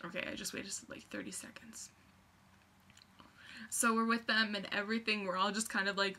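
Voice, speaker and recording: A young woman telling a story on her vlog, excitable and rambling, full of fillers and restarts. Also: medium pitch, moderate pace, long pauses. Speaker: vlogger.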